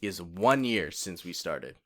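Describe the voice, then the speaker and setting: Man in his thirties, podcast co-host, lowish voice, lively intonation, dry quips. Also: slow pace. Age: 30s. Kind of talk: casual chat.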